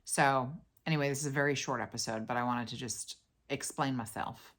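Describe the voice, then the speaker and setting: A tired woman hosting her podcast, telling a story in a blunt, profane, animated way. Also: a bass voice, a little fast. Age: adult with a young daughter. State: tired and worn out. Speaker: podcast host. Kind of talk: casual venting monologue.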